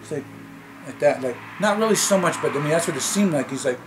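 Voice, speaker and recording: A man's voice: a little high, expressive, quick pace, background noise. A man vlogging a rambling, annoyed movie critique to camera, full of fillers and restarts. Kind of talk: casual movie rant to camera. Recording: music playing clearly behind the voice.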